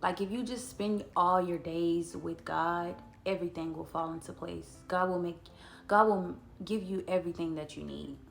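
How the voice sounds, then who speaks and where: Gravelly woman giving a casual Bible talk. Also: fairly low pitch, steady tone, soft background music. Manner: chatty and earnest, slows down to read scripture aloud. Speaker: Bible study vlogger. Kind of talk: casual devotional talk to camera.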